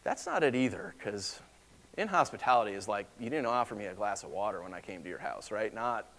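A man preaching a sermon in a conversational, animated way, acting out the voices he quotes. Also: fairly low pitch, a little fast.

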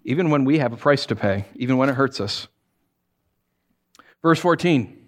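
Animated conversational male pastor. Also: medium pitch, moderate pace. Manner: conversational, animated preaching with many fillers and self-corrections; swings into acted quotes and wry humor. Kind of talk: sermon.

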